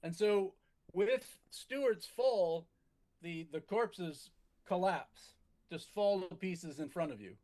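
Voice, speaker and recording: Slow-paced game master narrating. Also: male voice, sits high, animated, warm tone. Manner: measured, halting narration with restarts.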